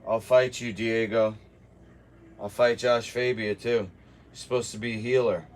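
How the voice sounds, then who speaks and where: A man's voice: mid-range voice, fairly even intonation, unhurried. A man streaming live from a home kitchen, talking back to his chat with brash, combative trash talk as a martial arts fighter.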